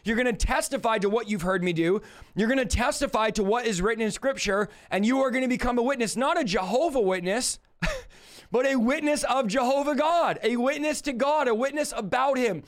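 A man with a strikingly high voice preaching on a live stream. He swings between fired-up shouting and quieter rhetorical questions, like a revival preacher. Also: fairly quick.

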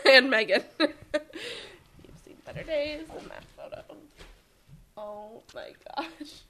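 A young woman co-hosting a podcast in casual chat, laughing often and filling pauses with "um". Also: high-pitched, sharp tone. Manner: laughs often, many fillers. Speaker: podcast co-host.

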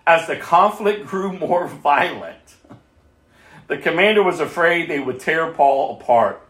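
A man's voice: on the high side, expressive, unhurried. Dynamic male preacher in an echoey room. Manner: dynamic, swings between loud and soft. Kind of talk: sermon with scripture reading.

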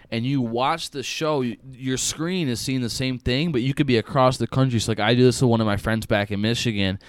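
A man's voice: mid-range voice, smooth, dry recording. A young man co-hosting a podcast, explaining things earnestly and step by step in a casual chat. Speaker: podcast co-host.

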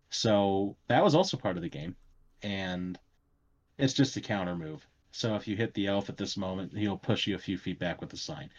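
Low-voiced rambling man with lo-fi sound. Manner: rambling, self-mocking storytelling with frequent fillers. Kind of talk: casual chat.

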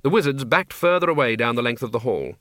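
A man narrating an audiobook in a dry, measured comic reading. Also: mid-range voice, expressive, a bit bright, no room sound. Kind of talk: scripted narration.

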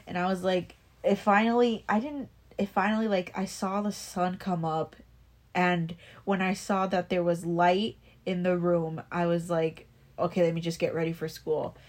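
A young woman casually telling a personal story, rambling, swearing a lot and restarting her sentences. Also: fairly low pitch. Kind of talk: casual chat.

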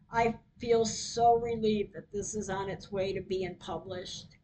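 A woman hosting her own podcast, reading her diary entries aloud in a slow, measured way. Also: a little high, a little mellow, slight background noise, rough recording. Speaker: podcast host.

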